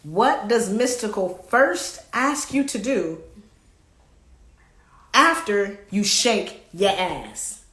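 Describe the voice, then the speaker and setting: Very slowly and with animation, a woman with a mid-range, fairly bright voice leads a live card game. She playfully reads out the questions and sings little bits of songs, her voice echoing around the room.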